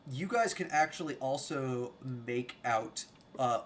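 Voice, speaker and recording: A man's voice: mid-range voice, animated, slow pace, slight background noise. A man running a tabletop game as game master, reading rules and scene descriptions with some stumbles and restarts.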